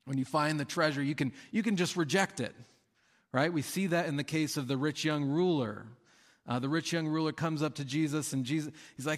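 A pastor with a fairly high voice and a quick pace delivers a sermon in a relaxed, conversational style. He uses fillers and often acts out the people in his stories, quoting them. The recording has a long hall reverb.

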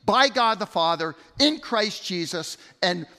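A man's voice: sits high, lively intonation, measured pace, bright, forceful tone. A middle-aged man preaching a sermon as pastor, conversational, often repeating words and telling stories. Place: church sanctuary. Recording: long hall reverb.

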